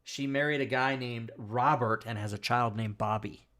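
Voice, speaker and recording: A man's voice: mid-range voice, steady tone, normal speed, fairly bright tone. A man hosting a talk show and telling crude, rambling stories with lots of laughing. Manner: crude storytelling, laughs often. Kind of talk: casual chat.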